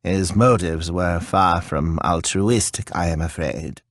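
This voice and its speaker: A man reading an audiobook, voicing a kindly, stooped old male priest who talks in a slurred, creaky, gentle way. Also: deep voice, slow pace, dry recording, studio quality. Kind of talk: audiobook character voice.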